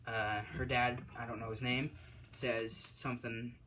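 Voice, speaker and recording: A man's voice: medium pitch, level tone, measured pace, pushed and bright, slight background noise, rough recording. A man casually narrating a fan story off the cuff, rambling and correcting himself, with lots of fillers.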